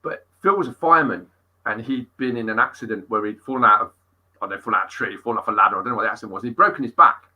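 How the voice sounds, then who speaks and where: A middle-aged man, a fitness coach being interviewed, telling stories in an animated way and swearing freely. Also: lowish voice, rapid-fire, husky, rough recording. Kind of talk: casual interview storytelling.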